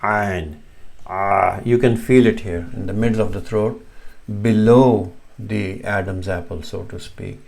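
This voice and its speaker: A man's voice: on the low side, steady tone, measured pace, vocal fry, darkish tone. A man teaching Arabic letter sounds, patiently demonstrating each one and correcting himself as he goes. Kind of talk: slow instructional explanation.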